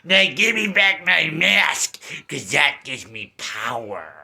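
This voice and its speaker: A whiny, petulant bald serial killer, put on by a man, high and slow and swinging between pouting and shouting. The mocking voice is bright and pushed. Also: very animated, creaky, exaggerated voice.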